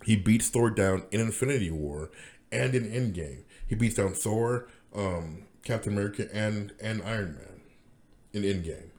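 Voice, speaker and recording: A man's voice: on the low side, normal speed, darkish tone. A man rambling through a casual monologue as podcast host, with many restarts and fillers.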